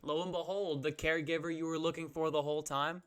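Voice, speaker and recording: As game master of a tabletop game, a man narrates each scene for his players at a quick pace. His bright, crisp voice sits slightly high and barely moves in pitch, and he sometimes backtracks and restarts mid-sentence.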